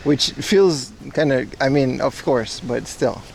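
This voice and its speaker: Slow and mid-range, this man's voice carries vocal fry, with slight background noise around it. Hosting a casual livestream, he walks the hot streets and a shrine, chatting and rambling with the people watching.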